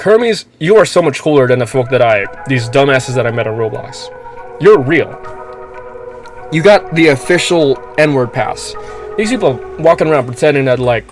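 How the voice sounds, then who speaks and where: A man from the Philippines with an American-sounding accent, giving casual, rambling let's-play commentary and swearing freely. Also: fairly high pitch. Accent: American-sounding English. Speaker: streamer playing a game.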